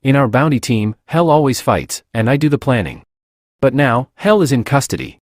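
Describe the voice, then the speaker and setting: A man's voice: normal speed, no echo, studio quality. A man reading a comic recap as narrator, doing every character's lines in one plain voice. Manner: reads every part in one plain voice, lively pitch.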